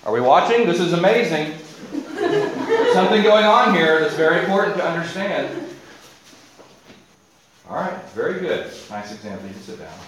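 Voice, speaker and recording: A man preaching a sermon, joking aside to his listeners and reading scripture slowly. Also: on the high side, noisy background. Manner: animated, jokey asides, reads scripture slowly. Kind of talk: sermon with audience participation. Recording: echoey hall, faint ambience.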